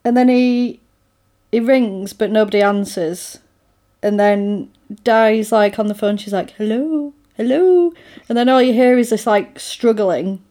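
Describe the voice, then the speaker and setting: A woman's voice: mid-range voice, unhurried. A woman in casual chat, animatedly retelling a film plot and acting out the characters' lines. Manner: animated storyteller, acts out quotes.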